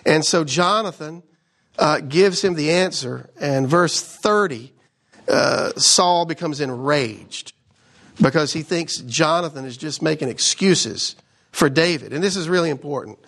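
Male Bible teacher, chatty sermon delivery, raspy fry in a slightly high voice. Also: measured pace, a bit bright. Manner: conversational, keeps asking "right?". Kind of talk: casual sermon.

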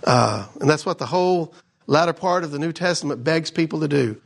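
A man's voice: a little high, lively intonation, a little fast, vocal fry. A man giving a casual sermon as a Bible teacher, in a conversational way that keeps checking in with his listeners. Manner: conversational, keeps asking "right?".

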